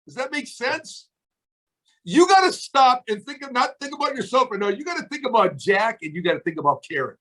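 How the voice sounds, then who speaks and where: A man in his seventies speaks on a video call, his voice sitting high for a man. He delivers an emphatic, preachy pep talk, firing off rhetorical questions at his team. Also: animated, a little fast, few pauses, bright, forceful tone, rough recording. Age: 70s. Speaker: motivational speaker to a sales team. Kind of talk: fired-up motivational speech.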